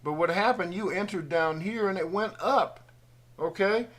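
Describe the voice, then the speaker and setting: A man's voice: high-pitched, normal speed, a bit bright. A man giving a folksy, patient trading tutorial over a screen recording, thinking aloud as he draws on charts. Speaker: trading educator.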